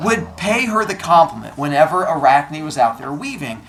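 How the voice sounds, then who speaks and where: An animated male teacher spins a myth for his students in a classroom, cracking jokes and acting out bits of the story. His pitch swings widely and expressively throughout. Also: normal speed, crowd noise. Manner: animated, jokey, acts out voices.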